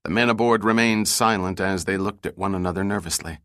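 A man giving measured, scripted audiobook narration of an adventure novel. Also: low-pitched, no room sound, studio quality. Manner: even, measured storytelling.

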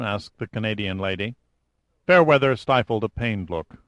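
A man reading an adventure novel aloud in scripted, measured audiobook narration. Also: on the low side, expressive, fairly bright tone, no echo.

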